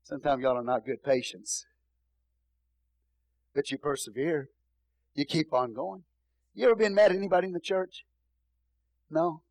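A man's voice: fairly high pitch, normal speed, long pauses, a little mellow, no echo, low-quality recording. A male pastor preaching a sermon in a church, repeating phrases and calling out hallelujah.

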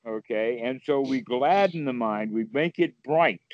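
Unhurried, a man offers casual spoken Buddhist teaching on a call, playfully voicing inner thoughts with abrupt high-pitched exclamations. The highs are cut off, and a crowd can be heard in the background.

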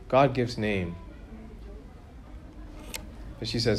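A man preaching a sermon, who asks his listeners questions and grows louder and higher when he makes a point. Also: takes it slowly, long pauses, soft background music. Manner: lively, rises in pitch and volume for emphasis, asks the congregation questions.

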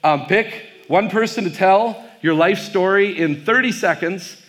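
A man's voice: high voice, unhurried, fairly bright tone. Chatty Wisconsin man preaching to youth. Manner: conversational storytelling with frequent fillers. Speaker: pastor. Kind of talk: youth night keynote talk.

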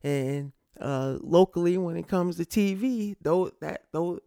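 A man from Connecticut hosts a casual solo sports show, his voice gravelly and set a little high for a man. He talks slowly and haltingly, repeating words as he rambles and gloats. The sound is dry and close. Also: dark tone, dry recording. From Connecticut, USA. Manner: rambling, stammering, gloating with laughs. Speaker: podcast host.

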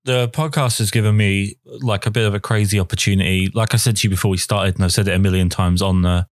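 A man's voice: fairly low pitch, fairly even intonation, fast, no echo, clean studio sound. A man hosting a podcast, chatting casually and self-deprecatingly while interviewing a guest. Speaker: podcast host.

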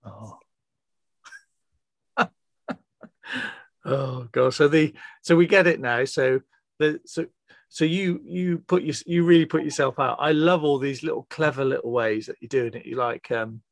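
An interview host with a gravelly, creaky voice, recorded dry and close with no room sound. He is eager and halting, starting sentences over and over as he responds. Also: mid-range voice, no echo. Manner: enthusiastic, halting, many restarts. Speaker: podcast host. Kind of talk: casual interview.

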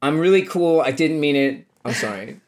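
A man's voice: on the high side, animated, moderate pace. A young man, a podcast guest, telling stories in casual chat with lots of filler words. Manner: rambling storytelling, heavy "like" fillers.

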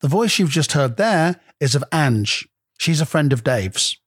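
A man's voice: a little high, big pitch swings, unhurried, breathy edge, dry recording. A male narrator giving wry scripted documentary narration. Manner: dry, wry.

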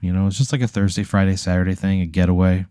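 A man improvising a deadpan, escalating comedic story, acting out quotes from the people in it. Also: deep voice, fast talker, clean tone, no room sound. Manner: deadpan, escalating absurd narration with acted-out quotes. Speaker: podcast host.

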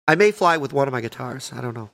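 A man co-hosting a podcast, rambling casually about guitars and PA gear, correcting himself and often clearing his throat. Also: mid-range voice, animated, quick pace, a bit bright. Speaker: podcast co-host, band guitarist.

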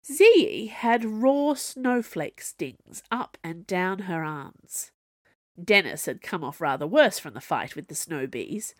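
A woman narrating a story aloud in an expressive, wry manner. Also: on the low side, takes it slowly, dry recording, clean studio sound. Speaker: audiobook narrator.

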